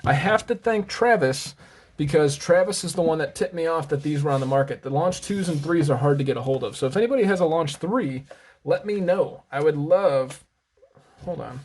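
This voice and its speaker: Guy showing off his gear, rambly and chatty, keeps correcting himself, a bit higher voice. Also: animated, normal speed, a little mellow, slight background noise. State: slightly out of breath. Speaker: host of a knife and gear channel. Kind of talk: casual show-and-tell vlog.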